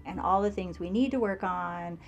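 A woman co-hosting a podcast in casual chat, candid and quick to laugh. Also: on the low side. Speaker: podcast co-host, parent.

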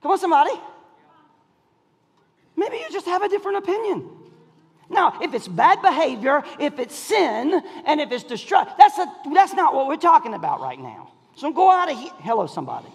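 A man preaching a sermon in a church, calling out to the congregation and swinging between shouts and near whispers. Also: very high-pitched, sing-song, normal speed, creaky, big-room sound. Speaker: pastor. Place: church sanctuary.

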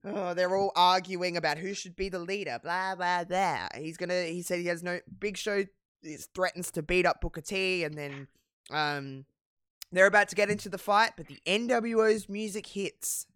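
Bright, crisp-voiced man chatting casually. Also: sits high, fairly even intonation, moderate pace, dry recording, studio quality. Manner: chatty, profane, many fillers, laughs at own jokes. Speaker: podcast co-host recapping wrestling. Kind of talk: casual chat.

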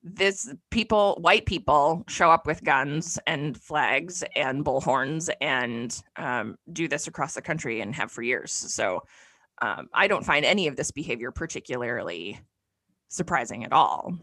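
A woman co-hosting a podcast, talking bluntly and matter-of-factly in casual discussion, with filler pauses. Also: sits low, animated, bright, forceful tone, dry recording.

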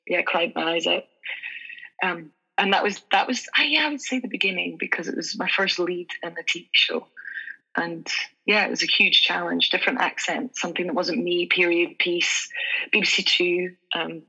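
Scottish actress, woman, husky bright voice, chatty guest, lo-fi recording. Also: fairly low pitch. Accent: Scottish, Aberdeenshire. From Scotland. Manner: chatty, many fillers and restarts. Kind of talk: casual interview chat.

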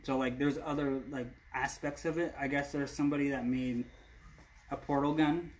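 An easygoing man in a casual podcast chat, answering with short agreeing replies before moving on to a new topic. His voice has a middle pitch. A faint hiss sits under the recording. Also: fairly even intonation, moderate pace, low-quality recording.

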